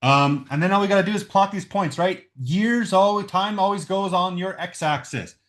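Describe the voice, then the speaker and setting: Man teaching math over his microphone, fairly high voice. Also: moderate pace, fairly bright tone. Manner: talks through calculations aloud, checking with "right?". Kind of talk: recorded lesson walkthrough. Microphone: computer microphone.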